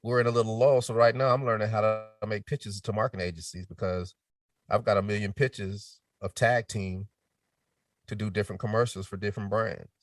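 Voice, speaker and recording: A middle-aged man speaking as a podcast guest in casual chat, telling lively stories and switching into quoted voices, sometimes dropping to a near whisper. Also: on the low side, fairly quick, distant mic. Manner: animated storytelling with quoted voices, drops to a near whisper to demonstrate.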